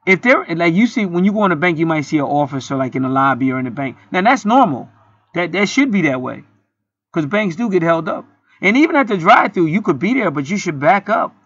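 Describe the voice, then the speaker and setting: A man's voice: on the high side, sing-song, fairly quick, a bit bright, no echo, muffled recording. A man telling a story in a casual, heated monologue, swearing often and rambling with many restarts. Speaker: channel host.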